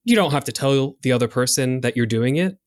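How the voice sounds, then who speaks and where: A man's voice: mid-range voice, lively intonation, fairly quick. A man co-hosting a podcast, talking frankly and casually about sex with lots of fillers. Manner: chatty, frank, filler-heavy. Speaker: podcast co-host.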